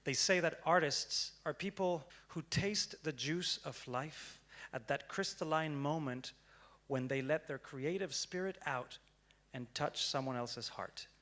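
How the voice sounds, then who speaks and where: A young man giving a prepared storytelling talk on stage, dramatic and swinging from hushed to loud. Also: a little high, unhurried. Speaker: speaker. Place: stage before an audience.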